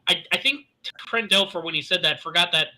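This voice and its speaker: A man with a piercingly bright, edgy voice and a slightly raised pitch, chatting casually on a sports podcast as a co-host. He gets worked up easily and rants with swearing. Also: a little fast, rough recording. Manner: excitable, fired-up rants with profanity.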